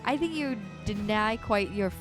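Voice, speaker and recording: A woman's voice: medium pitch, lively intonation, normal speed, lightly acted. A woman voicing a blunt, testy male prison guard in a broad, put-on Scottish-style brogue while reading game dialogue. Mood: gruff. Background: background music.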